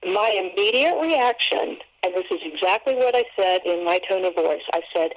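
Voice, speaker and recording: A woman's voice: medium pitch, expressive, normal speed, hardly any pauses. A middle-aged woman, a guest author on a radio interview, giving an earnest testimony of faith. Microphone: telephone. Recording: tinny phone line.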